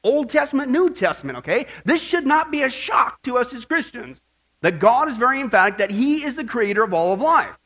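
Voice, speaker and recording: A man's voice: extremely high pitch, very animated, a little fast, bright, forceful tone. A man preaching a sermon, reading scripture and asking the audience questions, with jokes and emphatic asides. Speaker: pastor.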